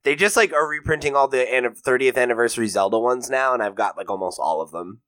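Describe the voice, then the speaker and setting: A man co-hosting a casual gaming podcast, jokey and quick to swear and laugh. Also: medium pitch, a bit bright, no echo. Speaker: podcast co-host leading the news segment.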